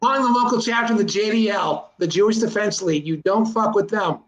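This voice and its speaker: A man's voice: high voice, quick pace, echoey room, muffled recording, a little hiss or hum. A man talking casually as a guest, rambling through anecdotes and repeating words as he goes. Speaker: interview guest, filmmaker and teacher. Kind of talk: casual conversation.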